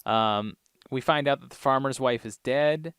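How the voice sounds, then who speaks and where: A man co-hosting a podcast, casually recapping TV episodes in a relaxed, rambling way with plenty of ums and uhs. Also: medium pitch, measured pace, clear, resonant tone, no room sound, studio quality. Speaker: podcast co-host.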